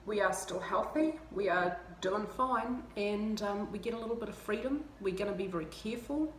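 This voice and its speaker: A woman with a New Zealand accent talks casually to camera, chatty and self-mocking, laughing now and then. Her voice sits in a middle pitch range. The room is echoey, and a faint hum of ambient noise runs underneath. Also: normal speed. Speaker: vlogger.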